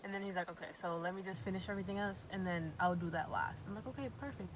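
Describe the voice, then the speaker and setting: A young woman from Massachusetts telling a storytime vlog with animated, profane, exasperated storytelling. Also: medium pitch, fast, background noise. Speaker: vlogger.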